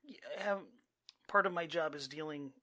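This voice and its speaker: A man's voice: on the high side, moderate pace, bright, forceful tone. A man co-hosting a podcast, chatting casually and jokingly with his spouse in a wry, rambling way. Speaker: podcast co-host.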